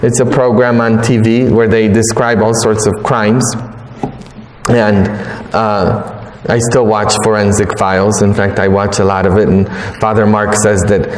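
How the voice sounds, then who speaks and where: A priest teaching a Bible study, telling stories with earnest, repeated emphasis. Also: male voice, on the low side, flat delivery, unhurried, a little hiss or hum. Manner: earnest, repetitive emphasis, storytelling. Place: parish hall or church. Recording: echoey hall recording.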